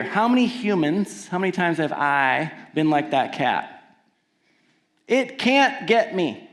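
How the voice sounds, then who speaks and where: A man's voice: fairly high pitch, big pitch swings, slow, fairly bright tone. A man from Washington telling stories on a theater stage in a conversational, playful way that builds to emphatic points. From Washington, USA. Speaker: singer-songwriter telling stories between songs. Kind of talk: live stage storytelling. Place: theater stage before an audience.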